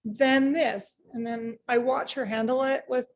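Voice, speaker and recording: Animated woman telling workplace stories. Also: fairly high pitch, normal speed. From United States. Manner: animated, acts out quoted remarks, frequent restarts. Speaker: business owner, guest. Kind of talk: casual interview conversation.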